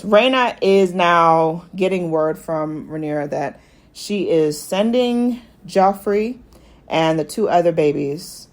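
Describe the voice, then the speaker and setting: A chatty woman talks through a TV episode the way she would with a friend, her voice sitting a bit low for a woman. Her talk is loose and lively, full of fillers, and she keeps breaking into quick acted lines from the scenes. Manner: chatty and animated, jumps into quick acted quotes of characters. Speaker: podcast host. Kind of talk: casual TV recap chat.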